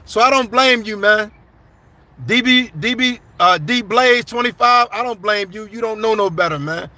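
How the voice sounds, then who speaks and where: A man hosts a casual live stream and answers his viewers' comments in a blunt, conversational way. His voice sits high and sounds bright and forward. The recording is close and dry, with almost no room sound. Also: moderate pace, no room sound. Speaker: livestream commentator.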